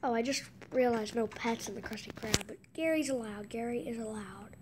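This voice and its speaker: A woman giving casual game commentary in an excitable voice, gasping with surprise and dropping into hushed asides. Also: a little high, unhurried, long pauses, noisy background. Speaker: gameplay commentator.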